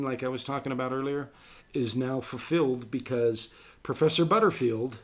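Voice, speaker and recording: Rambling middle-aged man, casual chat. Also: mid-range voice. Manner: rambling, many ums and restarts.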